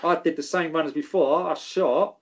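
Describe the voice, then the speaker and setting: A man, a former footballer, telling animated anecdotes and swearing freely. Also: fairly high pitch, normal speed. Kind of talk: casual storytelling.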